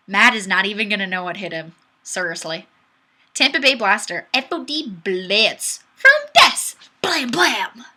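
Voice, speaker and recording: Streaming on webcam from her home room, a young adult woman giggles and jokes at her own expense while reading out viewer comments. She speaks at normal speed in a mid-range voice with a bright, forceful tone, recorded through the webcam mic.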